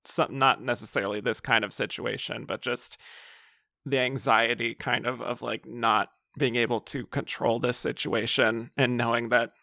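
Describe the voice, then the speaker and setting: A man's voice: medium pitch, little pitch movement, moderate pace, vocal fry, bright, forceful tone, no echo, clean studio sound. A man hosting a podcast, chatting casually about films with loose phrasing and lots of fillers. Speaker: podcast host. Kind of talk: casual film discussion.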